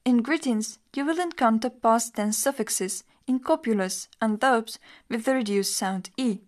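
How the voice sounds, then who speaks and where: A woman teacher reading a scripted lesson in an even, measured explanatory tone. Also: fairly high pitch. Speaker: language teacher.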